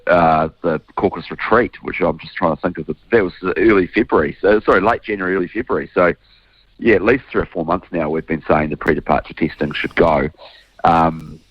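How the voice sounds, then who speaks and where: Croaky, deep-voiced New Zealand politician on a dull line. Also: male voice, fairly quick, dry recording. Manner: earnest, restarts sentences, leans on "look". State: hoarse, croaky from illness. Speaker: politician guest. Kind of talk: radio interview answers. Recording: dull, dry remote line.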